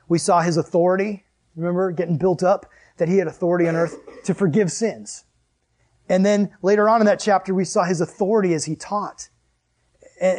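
A man preaching a sermon as a pastor, animated and joking, often laughing between points. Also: sits high.

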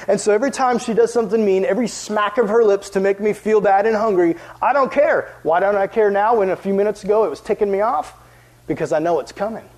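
A man with a high voice preaches to young people, slipping into chuckles as he tells a story. He keeps the room engaged with direct questions, as a youth pastor. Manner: lively, chuckling storyteller, asks the audience questions. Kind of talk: storytelling sermon.

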